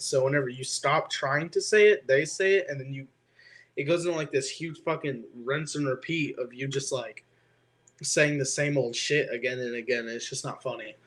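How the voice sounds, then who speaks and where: A teenage boy talks in a loose, rambling way, his sentences full of "like" and casual swearing. His voice sits at an everyday middle pitch for a young man, as he chats unscripted with a friend on a podcast. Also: a bit bright. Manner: rambling, filler-heavy, swears often. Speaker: podcast co-host. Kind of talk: casual chat.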